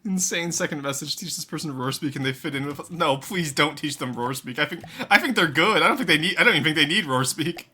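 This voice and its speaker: A live streamer chatting casually with chat, excitable, swearing freely and breaking into loud laughing fits. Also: mid-range voice, fast talker, few pauses, breathy edge.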